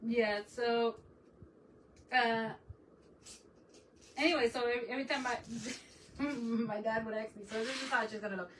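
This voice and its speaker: A woman's voice: on the high side, fairly even intonation, normal speed, pauses often, recorded from a distance, a little hiss or hum, rough recording. A woman hosting a live craft stream, chatting casually with viewers and laughing often as she works. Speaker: craft livestream host.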